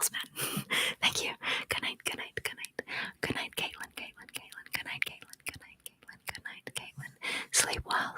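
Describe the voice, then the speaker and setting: A young woman in a soft, tinkly whisper, chatting with viewers on an ASMR livestream and softly repeating words. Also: poor audio. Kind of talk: whispered live chat.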